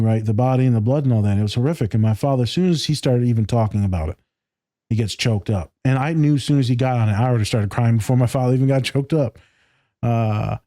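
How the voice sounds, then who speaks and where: A podcast co-host with a warm, mid-range voice tells a story in casual chat, laughing often and swearing freely. The sound is studio quality with no room echo.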